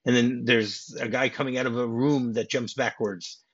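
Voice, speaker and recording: Male podcast guest, husky, dull lo-fi sound, chatty recap style. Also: mid-range voice, steady tone, moderate pace. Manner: recaps scenes in detail, many fillers. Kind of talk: casual film discussion.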